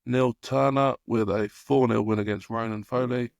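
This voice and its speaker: An easygoing man with a gravelly, creaky voice, co-hosting a casual podcast. He talks loosely and stumbles over names now and then, recorded dry and close. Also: medium pitch, fairly even intonation, moderate pace, no room sound. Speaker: co-host of a darts podcast. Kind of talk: casual chat.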